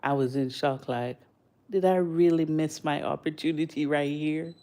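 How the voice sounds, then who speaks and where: An older woman from Jamaica telling a story to her livestream viewers in a casual, animated way, her voice jumping high when she is surprised. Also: normal speed, slight background noise. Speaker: livestream host.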